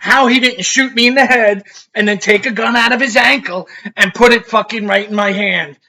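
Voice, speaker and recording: The vlogger, a middle-aged man, has a voice that sits high and moves at a moderate pace. He wanders through his story in a loose, animated way, cursing freely as he goes.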